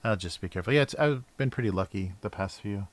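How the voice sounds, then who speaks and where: A cartoonist talking casually to a livestream as he draws, often mumbling to himself and trailing off with soft laughs. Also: on the low side, quick pace. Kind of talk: casual chat while drawing.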